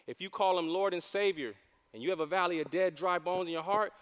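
A man preaching a sermon as a campus pastor, animated and repeating his key lines for emphasis. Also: high voice, fairly quick, clean tone. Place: church stage. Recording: long hall reverb in a church.

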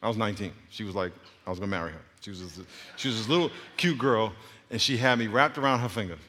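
Brief: a lively middle-aged male preacher who tells stories and swings between loud and soft, in a big reverberant hall. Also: fairly low pitch, fast talker. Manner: animated, swinging between loud bursts and quiet asides, laughing often. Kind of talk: sermon with anecdotes. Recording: long reverb of a large hall.

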